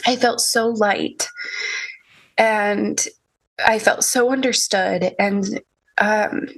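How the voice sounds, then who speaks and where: Slow, gravelly young woman telling her story. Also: fairly high pitch. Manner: halting, many restarts and soft laughs. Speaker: podcast guest. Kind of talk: emotional personal storytelling.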